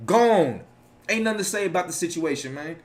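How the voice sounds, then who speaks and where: A man delivering casual reaction commentary with a fairly high voice. He preaches and rambles, swearing freely as he lectures his audience about how to live. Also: animated, a little fast.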